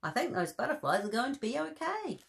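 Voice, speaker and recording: A woman's voice: high-pitched, sing-song, brisk, gravelly, slight background noise, pitched above the performer's own voice, exaggerated voice. A woman doing an eager forest ranger. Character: cheerful man forest ranger. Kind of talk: storybook reading.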